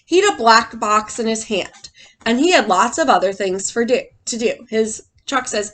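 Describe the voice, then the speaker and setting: Animated teacher reading to kids. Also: female voice, fairly high pitch, normal speed. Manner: animated, asks the children questions. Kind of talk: reading a picture book aloud to children.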